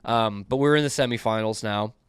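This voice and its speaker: A man's voice: lowish voice, clear, resonant tone, dry recording, studio quality. A man hosting a casual sports podcast, teasing his cohost with a sarcastic edge. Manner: sarcastic, quick to tease. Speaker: podcast host.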